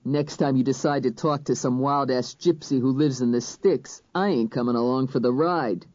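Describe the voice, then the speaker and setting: An audiobook narrator voicing a crude, sarcastic middle-aged male cop in a lower, rougher voice. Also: moderate pace, a little mellow, no room sound, lightly acted. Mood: grumbling. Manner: blunt, sarcastic, slangy. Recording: dull, dry recording.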